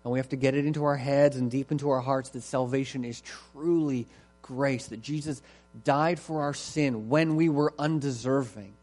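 A man's voice: mid-range voice, fairly even intonation, normal speed, darkish tone, faint music behind. A man preaching a sermon in an earnest, emphatic way and repeating his key phrases.

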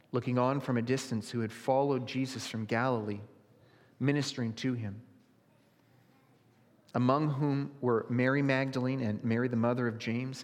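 A man's voice: mid-range voice, a little mellow. A man, a pastor, reads scripture aloud in a sermon with rising dramatic emphasis. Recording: long reverb of a large hall.

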